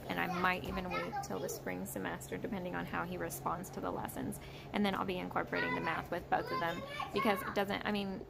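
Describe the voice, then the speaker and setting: A woman's voice: mid-range voice, vocal fry. A young woman and homeschooling mom casually talking through books in a vlog, thinking aloud with fillers. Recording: loud background noise.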